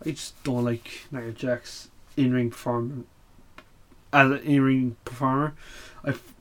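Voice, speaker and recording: A man's voice: mid-range voice, flat delivery, measured pace. A man hosting a casual show recap, blunt and opinionated, swearing often and full of fillers. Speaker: wrestling podcast host.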